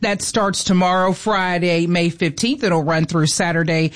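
A woman's voice: fairly low pitch, fairly even intonation, measured pace. A woman co-hosting a radio show, chatting casually and reading event listings with a bubbly, playful manner. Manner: bubbly, laughs easily, playful.

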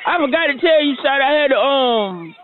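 A man playing a rambling male caller who stammers and fills every pause with "uh" while making excuses. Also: very high voice, lively intonation, slight background noise. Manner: stammering, filler-heavy rambling. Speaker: phone-in caller on radio show. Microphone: phone. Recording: tinny phone line.

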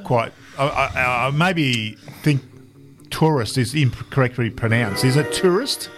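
A man's voice: mid-range voice, measured pace, a bit bright, faint music behind. A man co-hosting a radio show, tossing in dry quips and teasing asides. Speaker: radio co-host. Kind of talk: casual radio banter.

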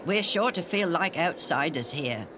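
A woman's voice: on the low side, lively intonation, unhurried, noisy background. Woman doing a wry, sardonic man. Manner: dry, mocking. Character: wry, sardonic male companion. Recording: music playing underneath.

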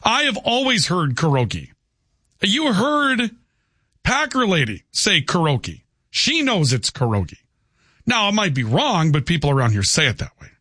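A man's voice: high voice, wildly swooping pitch, unhurried, bright, forceful tone, no echo, studio quality. A man hosting talk radio, chatty and folksy, wandering from topic to topic in loose banter. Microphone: studio microphone.

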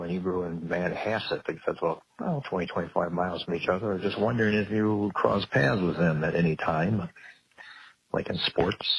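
A man calling in to a radio show, asking a question in a slow, hesitant way. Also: sits low, gravelly. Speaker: caller. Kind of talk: phone-in question. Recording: dull phone-in line with faint noise.

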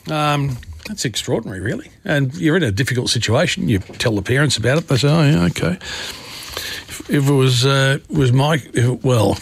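A man's voice: medium pitch, expressive, slightly rough. A man hosting a talkback radio show, chatting with callers in a friendly, encouraging way. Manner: chatty, encouraging, quick to react.

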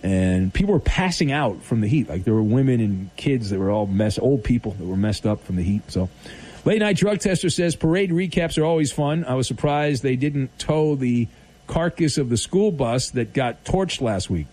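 A man's voice: mid-range voice, animated, moderate pace, warm tone. A man hosting a late-night call-in radio show, reading listener messages aloud and bantering easily with callers. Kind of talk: casual call-in radio talk.

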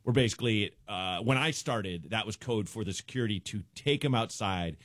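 A man's voice: lowish voice, moderate pace, no room sound, clean studio sound. A man, a stand-up comedian, guesting on a radio show and telling a rambling story, acting out the people in it. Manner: rambling, animated storyteller who acts out characters.

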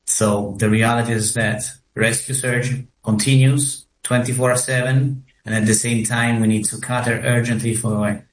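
A man speaking as an official in an interview clip, explaining in a steady, even way. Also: fairly low pitch. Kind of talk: interview soundbite. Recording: roomy sound with faint background noise.

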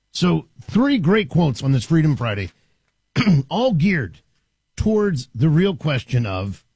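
A man hosting a talk radio show from a studio, delivering an animated, emphatic monologue with frequent restarts. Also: a little high, breathy edge, dry recording.

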